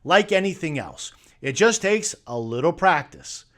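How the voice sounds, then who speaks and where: A man's voice: on the high side, expressive, unhurried, a bit bright. A man teaching guitar technique, emphatically debunking myths and firing off rhetorical questions. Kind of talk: instructional talk to camera.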